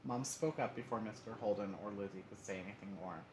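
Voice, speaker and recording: Streamer, male, lower voice, reads narration with asides; faint background noise. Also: fast. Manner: reads aloud with asides and laughs. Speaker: streamer reading a story game. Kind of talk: live-streamed story narration. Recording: roomy echo, faint noise.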